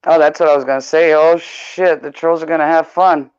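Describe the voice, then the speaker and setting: A woman's voice: sits low, fairly even intonation, brisk, darkish tone, smooth. Woman host, casual video chat, chatty and fumbling, dull call audio. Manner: chatty, laughing, fumbling with settings. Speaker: stream host.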